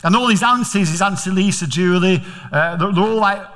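A man's voice: high-pitched, a little fast. An older man preaching a sermon in a church, telling stories and asking the congregation questions. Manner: storytelling, animated, questioning. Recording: reverberant church hall.

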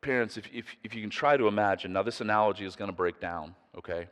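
A man's voice: fairly low pitch, quick pace, a bit bright, big-room sound. A man preaching a sermon in an earnest, emphatic way, putting pointed questions to his listeners. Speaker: pastor.

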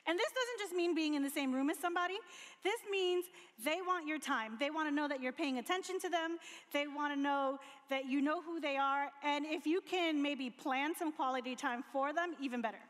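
Woman co-host, high voice, easy laugh, hall reverb. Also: brisk, fairly bright tone. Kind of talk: casual chat.

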